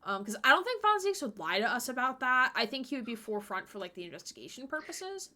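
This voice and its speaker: A woman's voice: high-pitched, very animated, fast, crowd noise. A woman streamer giving casual, chatty let's-play commentary, giggly and full of fillers.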